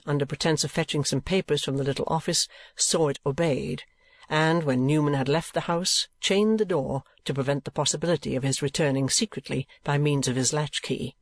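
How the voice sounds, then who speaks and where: A man narrating an audiobook chapter in an even, measured storytelling voice. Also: fairly high pitch, dry recording. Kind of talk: scripted narration.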